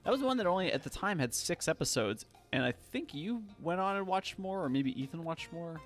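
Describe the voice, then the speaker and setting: A podcast co-host with a somewhat high, lively voice casually reads out quiz questions in a quick, chatty way, laughing often. Faint music plays behind him.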